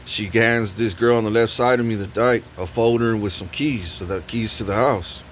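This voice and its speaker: A man's voice: lowish voice, moderate pace, a little hiss or hum. A man vlogging a profane, rambling story, full of restarts and repeated words. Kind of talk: ranting story vlog.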